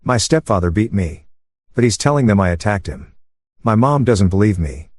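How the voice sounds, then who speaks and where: A man's voice: lowish voice, lively intonation, normal speed, a little mellow. A man voicing a frightened teenage grandson, speaking in a shaky, pleading way. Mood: scared.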